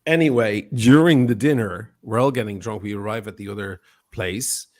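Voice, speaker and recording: Man, low-ish voice, casual live-stream storyteller, profane, acts out the quotes. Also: normal speed. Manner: profane, animated anecdote with acted-out quotes. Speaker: watch channel host.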